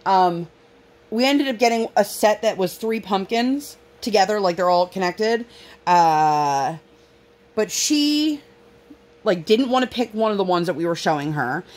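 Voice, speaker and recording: A vlogger in her thirties, her voice medium-pitched, expressive and measured, tells viewers a story while she works on a craft. It's casual chat full of fillers, with the quotes acted out.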